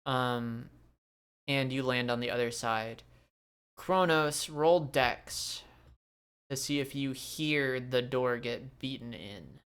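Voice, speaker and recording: A man narrating a tabletop session as game master, taking his time over every line. His voice carries a gravelly edge, yet it stays smooth and resonant underneath. He is laid-back and chuckles often. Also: mid-range voice, slow, a bit bright.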